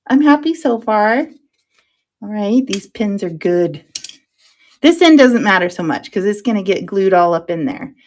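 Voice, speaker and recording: A woman hosting a crafting show, chatting to herself as she works, self-mocking and quick to laugh, sometimes dropping into soft whispers while she concentrates. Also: medium pitch, expressive, slight background noise. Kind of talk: casual crafting chat.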